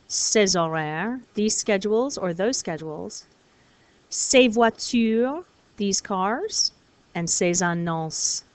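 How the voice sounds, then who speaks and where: A woman teaching a recorded lesson, explaining clearly and patiently, step by step. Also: on the low side, no room sound. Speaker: French teacher.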